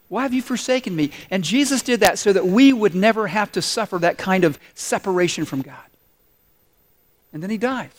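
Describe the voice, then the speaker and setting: Male pastor, higher-pitched voice, preaching to his congregation and prompting them to fill in the words. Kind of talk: sermon. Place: church.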